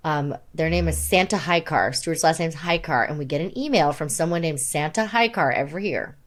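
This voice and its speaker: A woman in her twenties co-hosting a podcast in casual chat, an animated storyteller who acts out mock scenes. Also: sits low, brisk. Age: 20s. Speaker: podcast co-host.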